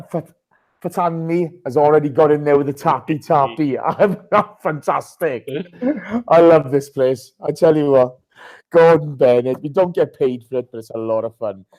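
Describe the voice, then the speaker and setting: Man, podcast host, chatty, higher voice, mellow tone. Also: rough recording. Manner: chatty, greets listeners by name. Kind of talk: casual live podcast chat.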